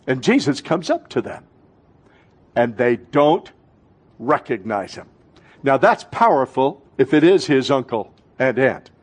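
A man preaching a fervent sermon as pastor, swinging between loud, urgent lines and hushed ones. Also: medium pitch, big pitch swings, unhurried, breathy edge.

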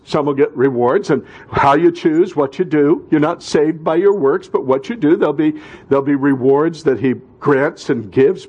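A male pastor preaching a sermon, rising into emphatic calls and dropping to quiet asides. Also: on the high side, breathy edge.

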